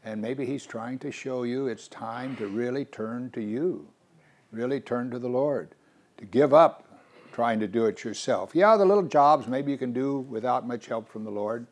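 Older male preacher, earnest and animated, mid-pitched voice. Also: moderate pace. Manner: earnest, animated, rhetorical questions. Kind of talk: sermon.

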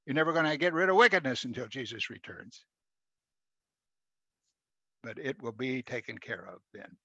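A man preaching a sermon, reading scripture aloud with loud emphatic rises and dropping to quiet asides. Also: medium pitch, normal speed, husky, no room sound. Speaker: pastor. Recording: dull lo-fi sound.

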